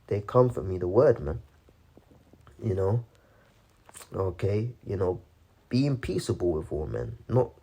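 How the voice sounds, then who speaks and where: A man with a somewhat low voice delivers loose, conversational religious commentary. His speech stumbles through frequent restarts and fillers, with "man" and "you know" tacked onto nearly every thought. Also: mellow, husky. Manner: halting, many restarts, keeps saying "man" and "you know". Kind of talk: casual preaching commentary.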